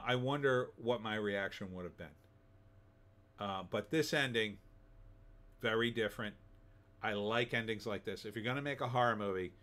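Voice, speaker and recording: Speaking with a medium-pitched, fairly bright voice, a middle-aged man reviews a movie in a loose, meandering way. As a film reviewer, he leans on plenty of fillers and keeps restarting his sentences.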